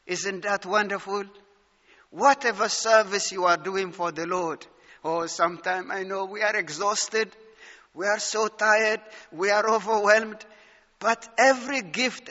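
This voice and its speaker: Guy preaching hard, high voice, lots of rhetorical questions, echoey hall, kinda muffled. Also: sharp tone. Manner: fervent, repeats rhetorical questions, addresses listeners as dear friends. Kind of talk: sermon. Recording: reverberant hall, dull lo-fi sound.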